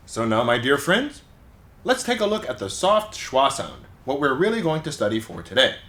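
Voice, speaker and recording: A man teaching English pronunciation to learners, leading clear, drawn-out repeat-after-me sound drills. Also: medium pitch, very animated, bright, forceful tone. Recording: echoey room.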